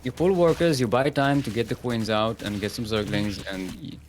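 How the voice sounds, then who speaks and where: Jokey low-voiced caster man. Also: steady tone, normal speed, a little mellow, slight background noise. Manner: jokey, punny, hesitant with "uh". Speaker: esports caster. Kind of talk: live game commentary.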